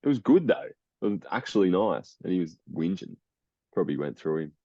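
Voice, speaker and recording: A man's voice: sits low, very animated, a little fast, warm tone, dry recording, lo-fi sound. A young Australian man co-hosting a podcast, chatting casually and rambling, laughing often. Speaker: podcast co-host. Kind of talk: casual chat.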